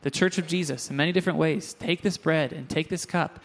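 A young man with a fairly high voice delivers a sermon in a church. He teaches earnestly and turns to the congregation with quick, joking asides. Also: steady tone. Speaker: pastor. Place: church sanctuary.

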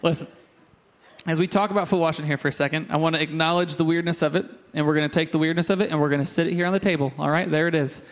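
A young man with a fairly high voice delivers a sermon in a church. He teaches earnestly and turns to the congregation with quick, joking asides. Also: steady tone. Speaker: pastor. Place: church sanctuary.

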